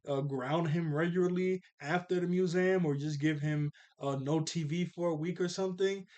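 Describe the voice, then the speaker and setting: A man's voice: on the high side, steady tone, normal speed, a little mellow, natural voice. A man doing a panicky cartoon preteen boy. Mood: pleading. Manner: frantic, pleading.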